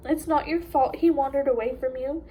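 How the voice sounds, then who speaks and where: A woman putting on a sorrowful father from an audiobook, speaking softly and gently to his daughter. The voice stays fairly high and hushed. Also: steady tone, normal speed, recorded from a distance, natural voice. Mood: gentle. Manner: soft, gentle.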